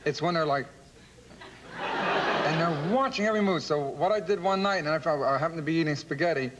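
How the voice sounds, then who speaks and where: A man with a Philadelphia accent hosts a talk show, spinning quick, joking stories and laughing at his own gags. His voice sits a little high for a man. Steady background noise runs under the recording. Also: lo-fi sound.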